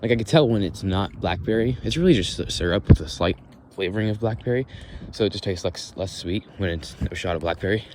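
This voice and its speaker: A man's voice: fairly low pitch, fast talker, background noise. A young man hosting a casual walk-and-talk podcast, rambling bluntly with swearing and frequent restarts, recorded outdoors at dusk. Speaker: podcast host.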